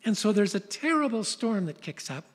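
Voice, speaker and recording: An older woman pastor preaching a sermon, telling stories in an animated way. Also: mid-range voice, moderate pace, husky, long reverb tail. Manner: storytelling, animated retelling of scenes.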